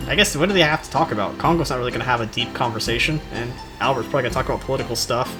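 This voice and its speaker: A man giving joking, casual commentary while playing through a game, moving between quiet asides and louder bursts. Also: medium pitch, racing. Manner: joking, mocking, shifts between quiet asides and excited outbursts. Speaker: let's play host. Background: game music.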